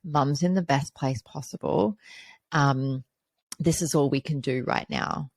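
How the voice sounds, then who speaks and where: A woman's voice: extremely low pitch, a little slow, darkish tone, no echo. A woman hosting a podcast interview, telling personal stories in a chatty way full of "you know" fillers. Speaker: podcast host. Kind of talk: conversational interview.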